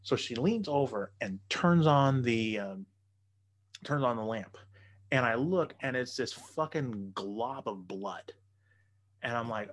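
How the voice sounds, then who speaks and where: A man's voice: mid-range voice, expressive, a little slow, a bit bright. A man telling a raunchy personal story in a casual podcast chat, profane and loose, laughing as he goes.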